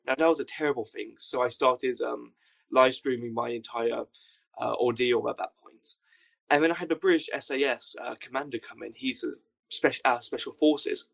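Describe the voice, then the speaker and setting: Gravelly, wry man. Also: mid-range voice. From Wales. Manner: deadpan, wry understatement. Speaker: guest. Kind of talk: casual storytelling anecdote.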